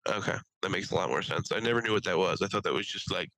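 A man's voice: low voice, fast talker, a little hiss or hum, poor audio. A man from hosting a casual podcast chat, joking crudely and swearing often. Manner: crude, jokey, breaks into loud impressions. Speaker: podcast host.

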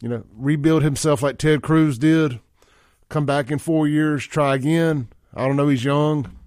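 A man's voice: on the high side, fairly even intonation, unhurried, darkish tone, no echo, studio quality. Blunt talk radio host, man. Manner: blunt, folksy, reads listener texts aloud. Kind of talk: opinionated talk radio monologue. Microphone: studio microphone.

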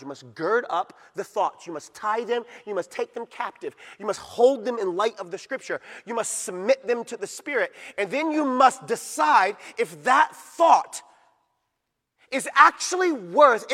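A man preaching a sermon in a high, bright and forceful voice. He hammers his points with repetition and keeps asking the congregation whether they follow. The sound rings with the long reverb of a church hall. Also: lively intonation, moderate pace. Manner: emphatic, repetitive, rhetorical questions to the congregation. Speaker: pastor.

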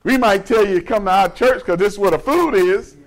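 Male pastor, high voice, folksy conversational sermon with humor and call-and-response. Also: a little fast, gravelly.

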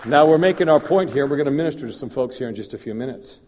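Animated man preaching in an echoey hall. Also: medium pitch, fast, slight background noise. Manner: animated storyteller, chuckles, mouth sound effects. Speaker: guest minister. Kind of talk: sermon with personal storytelling. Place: church meeting hall. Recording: dull echoey church hall recording.

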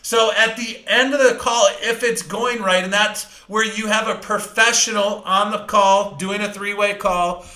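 An energetic male sales trainer delivers a live training talk in a high, bright voice. He's punchy, fast-talking, and emphatic, and the room gives his words a noticeable echo.

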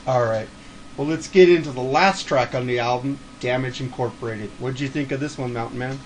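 A man's voice: mid-range voice, brisk, slight background noise. A man hosting a podcast who leads the segments and jokes around casually. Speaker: podcast host. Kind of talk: casual chat.

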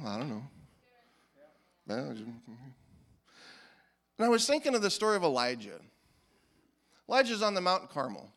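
Pastor guy preaching, kinda high voice, loose and animated, trips over his words a lot. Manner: animated and informal, with frequent restarts. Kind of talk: conversational sermon.

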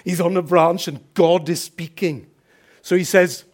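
A man preaching a sermon as pastor in a church, telling stories lively and asking rhetorical questions. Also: sits high, measured pace.

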